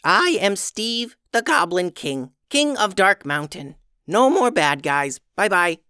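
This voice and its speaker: A man's voice: high-pitched, sing-song, slow, pushed and bright, smooth, dry recording, clean studio sound, voice pushed up, heavily acted. A man voicing a small, stubborn male goblin king who talks in short, simple, childlike sentences. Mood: blunt, simple.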